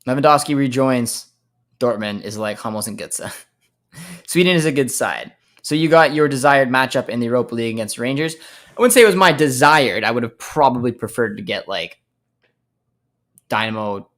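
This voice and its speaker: Casual young Canadian stream host. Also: male voice, medium pitch, a bit bright. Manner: reads viewer comments aloud and answers them, laughing often. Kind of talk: casual live-stream chat.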